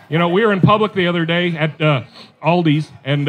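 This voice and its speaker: A man's voice: high voice, normal speed, fairly bright tone. A middle-aged man performing a stand-up comedy set, conversational and self-deprecating, with chatty asides to the crowd.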